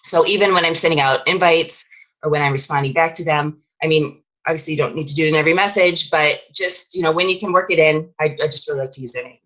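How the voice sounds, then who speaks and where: Low-voiced woman coaching her team. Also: fast, fairly bright tone, dull audio. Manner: chatty, with many fillers and restarts. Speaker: fitness coach. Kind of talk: casual training talk for a sales team.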